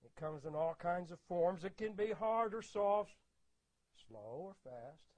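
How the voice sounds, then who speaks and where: A man's voice: high-pitched, expressive, measured pace. An older man giving a spoken lecture on rhythm, explaining and counting beats aloud with emphasis. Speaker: lecturer on music. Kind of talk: spoken lecture with audio clips.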